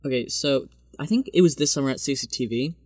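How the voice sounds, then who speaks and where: A teenage boy chatting casually and animatedly about his family, slipping into higher voices when he quotes them. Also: fast talker, breathy edge, no echo, studio quality. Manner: animated, mimics relatives in higher voice. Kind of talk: casual chat.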